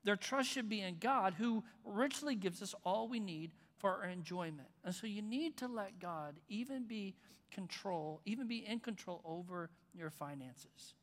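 A man's voice: high-pitched, expressive, moderate pace. Man preaching. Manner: conversational preaching with bursts of loud emphasis. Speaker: pastor. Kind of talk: sermon. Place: church auditorium. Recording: long reverb in a large hall.

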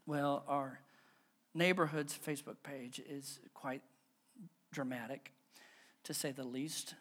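A pastor preaching a sermon in a relaxed, conversational way, telling everyday stories with folksy humor and asking the congregation questions. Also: medium pitch, takes it slowly, slightly rough. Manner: folksy, self-deprecating humor; stumbles and repeats words when driving home a point.

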